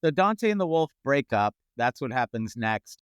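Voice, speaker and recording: A middle-aged man, a comedian guest on a podcast, telling lively anecdotes and acting out what people said. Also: medium pitch, moderate pace, smooth, dry recording, studio quality. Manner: animated anecdotes, acts out quoted voices. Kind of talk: casual storytelling chat. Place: podcast studio.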